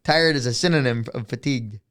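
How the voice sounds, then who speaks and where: A man co-hosting a podcast in casual chat, breaking in with quick questions and short remarks. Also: mid-range voice, fairly bright tone, clear, resonant tone. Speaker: podcast co-host.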